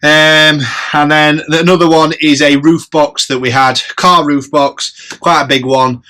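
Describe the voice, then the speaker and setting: A man's voice: on the high side, little pitch movement, a little slow, sharp tone. A man, chatting casually on his vlog and running upbeat tallies of prices and profit. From England. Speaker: reseller vlogger. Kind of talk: casual chat.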